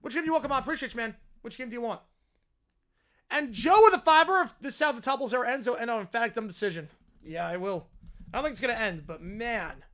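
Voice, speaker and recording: A young man streaming live play-by-play and reaction, yelling at the game on screen and chatting with viewers in between. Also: very high voice, fast talker. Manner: excitable, yells at the screen, then chats with viewers.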